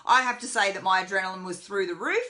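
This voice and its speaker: A woman's voice: medium pitch, fast, pushed and bright. A woman horsemanship trainer giving a casual live lesson, chatty with lots of fillers. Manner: chatty, many fillers, voices the horse's thoughts.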